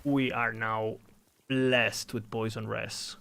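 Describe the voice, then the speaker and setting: A man streaming a game, thanking subscribers and reacting in animated, playful talk that is full of swearing. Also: fairly low pitch, takes it slowly, gravelly, noisy background. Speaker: gaming streamer. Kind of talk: casual game commentary.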